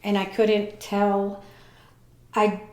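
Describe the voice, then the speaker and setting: Animated woman telling her story, echoey room. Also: medium pitch, very slow. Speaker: guest. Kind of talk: personal storytelling in a podcast interview.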